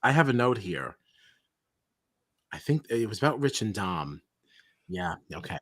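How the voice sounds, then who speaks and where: A man co-hosting a reality TV podcast in casual chat, animated and laughing often. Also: lowish voice, a little slow, dry recording, studio quality. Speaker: podcast co-host.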